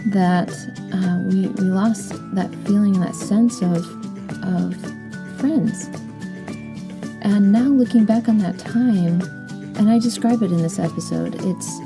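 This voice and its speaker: A woman in her thirties hosting a podcast, chatting casually with a giggly, restarting way of talking. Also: medium pitch. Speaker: podcast host.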